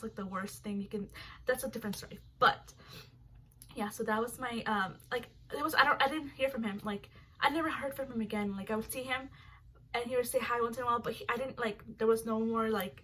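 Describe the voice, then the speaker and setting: Young female vlogger, slightly high voice, casual rambling storytelling with filler words and cursing, faint noise in the background. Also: pushed and bright.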